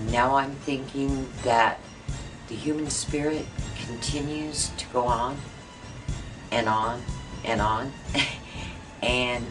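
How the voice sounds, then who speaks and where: Woman, very deep voice, earnest storyteller, a bit off-mic, faint music behind. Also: recorded from a distance, low-quality recording. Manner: earnest storytelling, many fillers. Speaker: interviewee. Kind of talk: recounting a personal ghost story.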